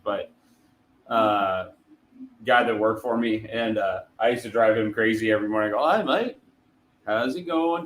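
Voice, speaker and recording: A man's voice: on the low side, a bit bright, slight background noise, poor audio. A man chatting casually on a livestream, rambling and talking to viewers while a 3D printer runs. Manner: laid-back, rambling, talks to chat. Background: printer running.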